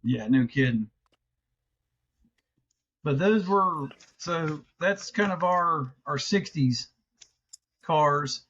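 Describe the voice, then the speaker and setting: This is a middle-aged man chatting as a podcast co-host, his voice sitting a touch high for a man. He rambles, restarts his sentences and swears without a second thought. The sound is dull and lo-fi, as if through a cheap mic. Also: animated, very slow, long pauses, fairly bright tone. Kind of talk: casual chat.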